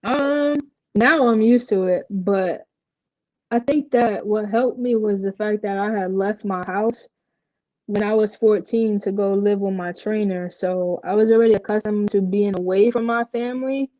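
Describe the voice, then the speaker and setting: Young woman from Puerto Rico, interview guest, candid storytelling, dark dull dry sound. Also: mid-range voice, a little slow, dry recording. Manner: candid, animated storytelling with many fillers. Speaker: interview guest, professional basketball player. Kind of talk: casual interview conversation.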